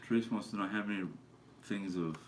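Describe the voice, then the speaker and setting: A man's voice: on the low side, fairly even intonation, moderate pace, slight background noise. A man, the host's husband, casually reading out viewer questions off camera in short remarks. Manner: reads out viewer questions, brief.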